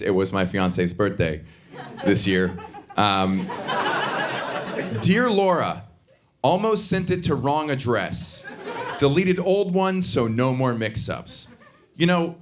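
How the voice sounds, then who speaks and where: A man from the Southern US performing a stand-up comedy set on a theater stage, with a sardonic, punchy delivery and sudden high-pitched outbursts. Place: theater stage before a live audience. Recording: live stage recording with audience noise.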